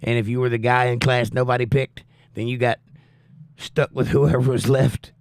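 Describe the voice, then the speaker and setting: A man's voice: medium pitch, little pitch movement, normal speed, dry recording. A man hosting a livestream, reading viewers' chat messages aloud and answering them with wry, teasing humor. He is out of breath and coughing while he recovers from the flu. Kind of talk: casual chat.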